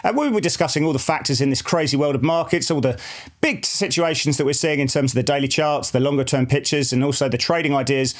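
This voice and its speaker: A man's voice: a little high, fast talker. Rambling middle-aged man hosting a finance show. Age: 40s. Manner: rambling, many fillers and restarts. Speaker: market research head co-hosting a finance show. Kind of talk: casual market chat.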